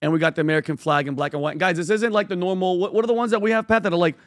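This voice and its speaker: A man co-hosting a podcast in casual banter, quick and teasing. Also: high voice, no room sound, clean studio sound. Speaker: podcast co-host.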